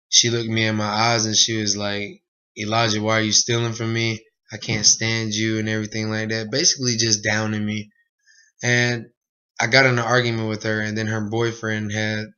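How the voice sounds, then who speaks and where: Speaking with earnest plainness and frequent asides, a young man shares his personal testimony. His lowish voice sounds pushed, bright and clean, captured on a dull lo-fi recording.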